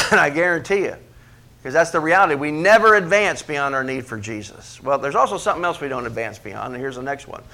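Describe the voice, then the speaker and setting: A male pastor delivers a sermon in a fairly high-pitched voice. He poses direct questions to his listeners and moves from hushed, low asides to forceful, climbing emphasis. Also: expressive, brisk. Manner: preaches with big swings in pitch and loudness, rising to emphatic peaks; asks the congregation questions directly.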